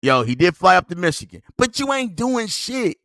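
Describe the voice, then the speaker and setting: High, lively, mocking podcast host man. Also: moderate pace, vocal fry, dry recording. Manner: mocking, scolding, laughs at the other man. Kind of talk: heated commentary on a played clip.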